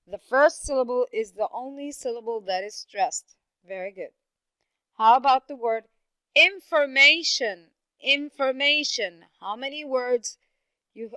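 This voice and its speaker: A woman teaching an English pronunciation lesson, speaking slowly and repeating words with careful stress. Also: on the high side, clean tone, no room sound.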